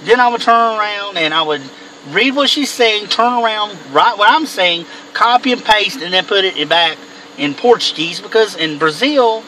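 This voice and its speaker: A man talks in a loose, wandering way, his voice fairly high and very bright. He chats casually from inside a moving car. Faint road noise hums under him. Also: animated, moderate pace, poor audio. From American South. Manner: rambling, laid-back, laughs often. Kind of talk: casual chat. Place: inside a car driving at night.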